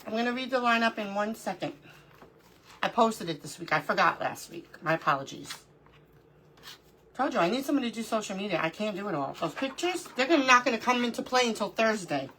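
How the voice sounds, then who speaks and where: A woman's voice: medium pitch, big pitch swings, a little fast, bright, forceful tone, a little hiss or hum. A middle-aged woman hosting a live crafting stream, chatting casually, greeting viewers by name and talking to herself as she works. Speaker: livestream crafting host.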